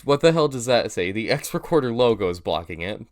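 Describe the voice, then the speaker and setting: A man's voice: mid-range voice, big pitch swings, fairly quick, hardly any pauses. Nasal young man rambling casually. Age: young adult. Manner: rambling, self-deprecating, many fillers and restarts. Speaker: YouTuber reacting to his old video. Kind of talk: casual reaction commentary.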